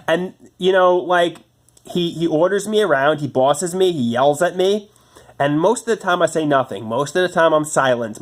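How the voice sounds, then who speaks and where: A man venting about his home life in a personal monologue, stammering through restarts and swearing often. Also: a little high. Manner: halting, stammering restarts, frustrated. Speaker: vlogger.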